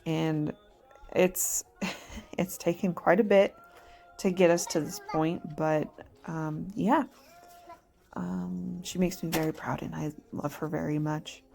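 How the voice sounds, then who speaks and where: A woman's voice: sits low, steady tone, slow pace, creaky, pauses often, mellow. A woman in her thirties, a mother chatting casually over her video, rambling and laughing often at herself. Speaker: mother vlogger.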